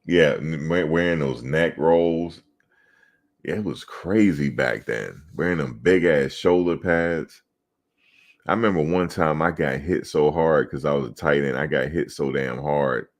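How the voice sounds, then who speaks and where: Very deep-voiced man telling football stories. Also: a little slow. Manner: loose, profane storytelling with laughter. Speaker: podcast co-host. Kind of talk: casual sports chat.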